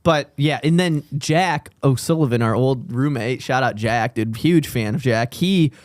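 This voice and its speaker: A man's voice: mid-range voice, unhurried, no room sound. Young man, podcast co-host, casual storytelling, dry close sound. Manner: animated storytelling, swearing, laughing often. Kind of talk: casual chat.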